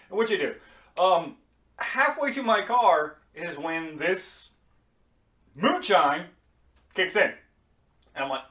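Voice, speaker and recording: A man's voice: on the high side, very animated, a little slow, long pauses, fairly bright tone. Profane, rambling storytelling man. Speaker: vlogger. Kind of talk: casual storytelling. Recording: roomy echo.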